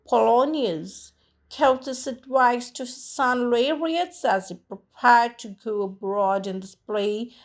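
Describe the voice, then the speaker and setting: A woman teaching a literature lesson, reading slowly and deliberately and tapping out verse rhythms syllable by syllable. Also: high voice. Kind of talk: slow, read-aloud lesson.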